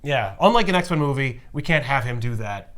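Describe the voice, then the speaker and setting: A man co-hosting a casual comic book chat, animated and often acting out characters in quick bursts. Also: medium pitch. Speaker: podcast co-host.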